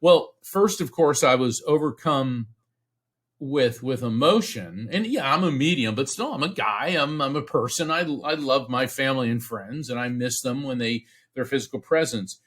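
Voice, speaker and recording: A middle-aged man from Central Florida, a podcast guest telling a personal story in an earnest, halting way, with restarts, acting out the voices he quotes. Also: medium pitch, animated, a bit bright. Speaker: podcast guest, psychic medium. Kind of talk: storytelling in a casual interview.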